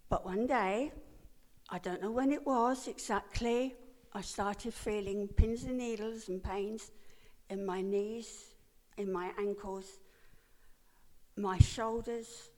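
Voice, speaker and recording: A woman's voice: mid-range voice, takes it slowly, long pauses, a little mellow. An older woman telling her own story as a personal testimony, in an earnest, emotional way. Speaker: speaker giving a personal testimony.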